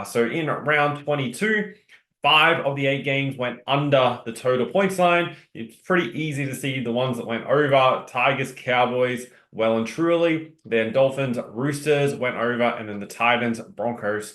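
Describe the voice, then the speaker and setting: A man talking through sports betting odds and trends in a steady, informative way, with frequent "uh" and "um". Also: mid-range voice. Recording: roomy echo.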